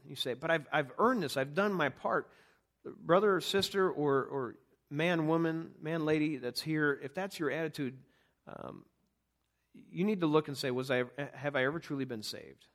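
Male preacher, sermon altar call, earnest pleading tone, slightly high voice, stumbles and repeats words. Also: a bit bright. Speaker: pastor.

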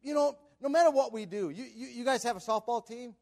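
A man preaching a Baptist sermon in church, swinging between shouting and hushed low tones and questioning the congregation directly. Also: brisk. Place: church sanctuary.

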